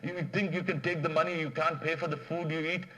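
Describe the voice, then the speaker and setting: Man doing a fickle farmer, pitched up and loud, swinging between effusive welcome and fury. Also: animated, normal speed, close to an everyday voice, poor audio. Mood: furious. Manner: high-pitched, loud outbursts. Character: fickle middle-aged male farmer, kind then furious.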